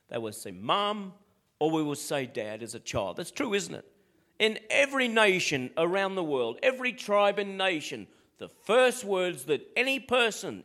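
A man's voice: sits high, a bit bright. A middle-aged man preaching a sermon, asking his congregation rhetorical questions as he goes. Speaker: pastor.

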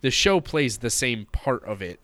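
A man's voice: mid-range voice, lively intonation, normal speed, a bit bright. A man co-hosting a casual podcast, often restarting words and laughing at his own blunt jokes. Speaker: podcast co-host. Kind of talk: casual chat.

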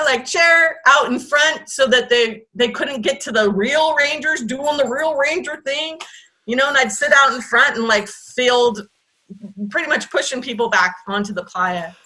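A woman's voice: high-pitched, bright, forceful tone. A woman telling casual stories, laughing often, swearing freely and acting out what people said. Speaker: guest, former volunteer ranger. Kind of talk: casual storytelling.

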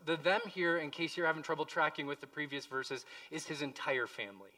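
Male pastor, fairly high, bright voice; impassioned sermon delivery, slightly distant mic. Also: a little fast, hardly any pauses. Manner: impassioned, swings from hushed to loud.

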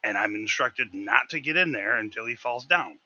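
A man on a podcast telling a story in casual chat, animated and swearing freely. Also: medium pitch, normal speed, highs cut off. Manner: animated, swearing, acts out shouted quotes. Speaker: podcast co-host.

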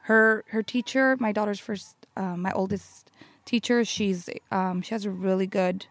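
Young woman with a gravelly, hesitant voice. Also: medium pitch, steady tone, a little slow, no room sound. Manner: hesitant, searching for words, laughs often. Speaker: interviewee, farm worker and mother. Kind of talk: casual interview.

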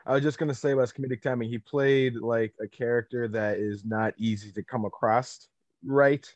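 A man's voice: mid-range voice, steady tone, brisk, a little mellow, dry recording, lo-fi sound. A man in casual podcast chat, rambling with many "like" fillers and casual swearing.

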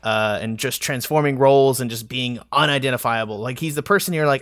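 A man's voice: medium pitch, fast, hardly any pauses, a bit bright, smooth, no echo. Rambling male podcast host. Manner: rambling, with many fillers and frequent laughs. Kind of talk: casual movie review chat.

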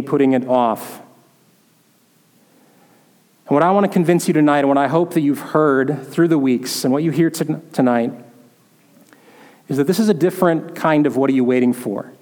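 A man with a high voice preaches a storytelling sermon, now and then slipping into the voices of the people he describes. His words ring out with a long reverb from the church hall around him. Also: darkish tone. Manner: storytelling, acts out quoted voices. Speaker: pastor.

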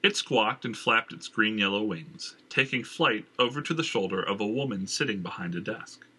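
Bright, husky male audiobook narrator. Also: on the low side, expressive, normal speed. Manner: casual reading with filler ums. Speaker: audiobook reader. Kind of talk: fiction narration.

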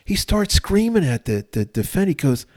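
A man's voice: high voice, big pitch swings, normal speed, a little mellow, no room sound, studio quality. A man, a police officer, telling an anecdote in a casual interview, with fillers and laughter. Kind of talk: casual storytelling.

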